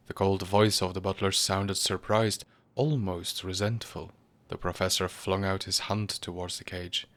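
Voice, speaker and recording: A man with a low-pitched voice narrating a storybook reading. He keeps a measured, grave pace through the telling. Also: little pitch movement, fairly bright tone.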